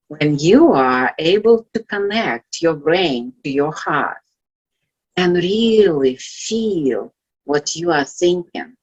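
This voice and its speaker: Slow-spoken Russian-accented woman coach. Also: low-pitched, husky, muffled recording. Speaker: guest speaker, life coach. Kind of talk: motivational talk.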